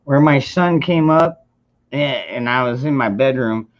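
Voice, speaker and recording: A man's voice: mid-range voice, unhurried. Rambling man on a lo-fi stream. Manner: rambling, swears freely, many restarts. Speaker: livestream host. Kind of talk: casual chat. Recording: dull lo-fi stream audio.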